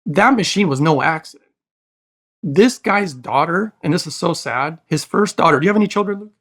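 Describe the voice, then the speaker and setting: A man's voice: on the high side, animated, normal speed, a bit bright. Earnest, emotional man on a podcast. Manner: earnest, emotional, preachy, calls the host brother. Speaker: podcast guest. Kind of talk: casual interview talk.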